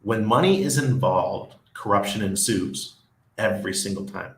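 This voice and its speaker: A man with a lowish voice speaks at normal speed as he hosts a loose, casual live stream from his home in Panama. He reads comments from viewers, rambles, restarts often, and laughs frequently, and the room has noticeable echo.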